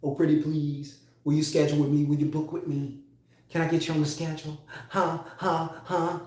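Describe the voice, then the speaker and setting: A man's voice: fairly high pitch, little pitch movement, brisk, a little mellow, natural voice. Guy doing a whiny groveling creature begging for the sale, hissy and pleading, lots of room echo. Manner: wheedling, pleading, hissing. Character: groveling creature-like beggar of a salesman.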